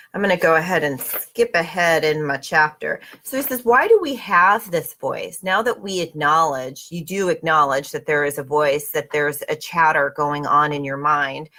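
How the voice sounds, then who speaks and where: Woman from socal, lowish voice, chatty book club reading plus guided meditation, upbeat, keeps checking in w listeners. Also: fairly bright tone. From Southern California. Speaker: host.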